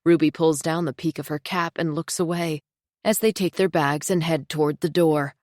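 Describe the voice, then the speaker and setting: A woman reading a thriller audiobook in a tense, measured storytelling voice. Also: low voice, steady tone, darkish tone, no room sound, clean studio sound. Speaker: audiobook narrator. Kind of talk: scripted thriller narration.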